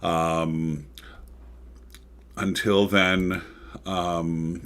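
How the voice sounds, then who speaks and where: A man with a low voice hosts his own livestream talk show. He chats about politics in a casual, rambling way, full of ums and side remarks. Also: fairly even intonation, unhurried, fairly bright tone. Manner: chatty, rambling with frequent ums and asides.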